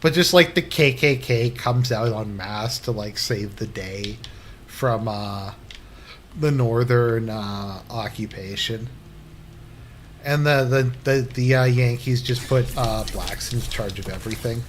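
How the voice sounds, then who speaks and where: A man's voice: mid-range voice, slow, slight background noise. A man streaming a game and chatting casually, rambling and hesitating with many filler words. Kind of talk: casual chat while gaming.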